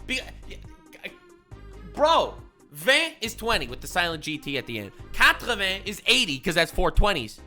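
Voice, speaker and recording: Bright, animated young man ranting. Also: high-pitched, normal speed, soft background music. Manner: loud, swearing, ranting with big swings in loudness. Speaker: reaction streamer. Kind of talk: casual reaction commentary.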